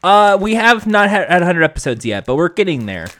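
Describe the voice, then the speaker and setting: A goofy male podcast host jokes around in loose, casual banter. His pitch bounces all over in lively swings, and he stumbles through restarts. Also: brisk.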